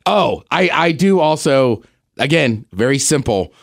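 A man co-hosting a podcast trades stories with a friend, laughing often and doubting every wild idea. His voice sits a bit high, moves up and down freely, and has a gravelly rasp. The sound is dry and close. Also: sing-song, measured pace, no echo. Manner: laughing storyteller, skeptical. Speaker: podcast co-host. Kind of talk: casual chat.

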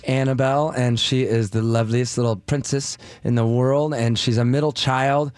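A man's voice: medium pitch, fairly even intonation, moderate pace, a little mellow, dry recording. A man guest-hosting a radio show in a studio, chatting in a rambling, self-deprecating, jokey way into a studio mic. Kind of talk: casual radio banter. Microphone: studio microphone.

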